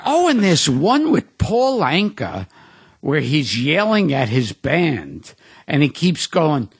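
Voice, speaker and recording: Gravelly, husky man, slow and animated. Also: a little high. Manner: animated anecdote telling, mimics voices. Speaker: podcast guest. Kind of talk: casual chat.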